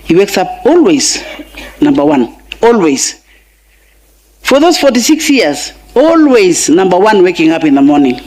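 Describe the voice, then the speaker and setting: A woman's voice: fairly low pitch, big pitch swings, a little slow, darkish tone. A middle-aged Kenyan woman with a Kenyan accent giving an emotional eulogy for her husband and mixing in Swahili phrases. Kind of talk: funeral eulogy speech. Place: large funeral gathering.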